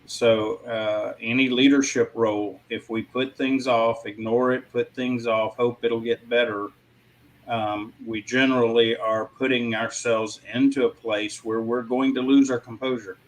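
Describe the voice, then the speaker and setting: A man in a casual panel discussion, speaking in a reflective way with frequent pauses. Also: mid-range voice, flat delivery, rough recording.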